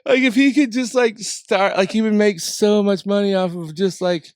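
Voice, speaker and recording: A podcast co-host chats casually and tells stories in an animated way, laughing a lot. His voice sits high at a moderate pace, and the studio-quality recording has no room sound.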